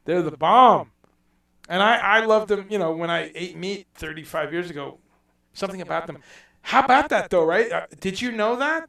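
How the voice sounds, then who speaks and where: A middle-aged man hosting a casual livestream chat, rambling and animated as he reads out viewers' comments. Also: high-pitched, gravelly. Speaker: host. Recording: echoey room, far from mic.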